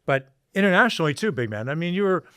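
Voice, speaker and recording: A male co-host speeds through his setups with eager, quick interjections. His voice sits slightly high and fast-paced. The recording is close and dry. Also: big pitch swings, bright, forceful tone, clear, resonant tone, no room sound. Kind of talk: casual interview chat.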